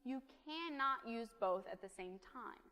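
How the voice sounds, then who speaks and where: A woman's voice: a little high, measured pace. Chatty woman preaching in a reverberant church. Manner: chatty and humorous, lively asides. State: caffeinated, fast-talking. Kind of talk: conversational sermon. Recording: long reverb of a church hall.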